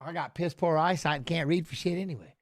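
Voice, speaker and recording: A middle-aged man hosting a live fight watch-along, excitable and shouting at the fighters while chatting with viewers. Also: fairly high pitch. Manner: excitable, talks fast over the action, shouts at fighters. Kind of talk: live fight commentary and chat.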